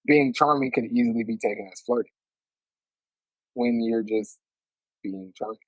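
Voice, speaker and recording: Fast-talking man rambling on a podcast. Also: medium pitch, gravelly, fairly bright tone, dry recording, rough recording. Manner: rapid, rambling with many fillers. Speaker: podcast co-host. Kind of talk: casual chat.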